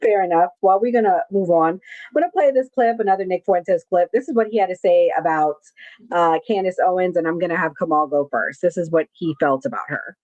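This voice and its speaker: Lower-voiced woman host, dull sound. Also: darkish tone, dry recording. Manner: brisk, moves the talk along. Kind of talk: hosting a panel talk show.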